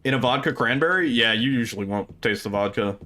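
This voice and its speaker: A man's voice: medium pitch, expressive, fairly quick, sharp tone. Young guy streaming, rambly and loose, lots of laughs and cussing, faint music behind. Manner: rambling, laughing, swears casually. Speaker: livestreamer. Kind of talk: casual livestream chat.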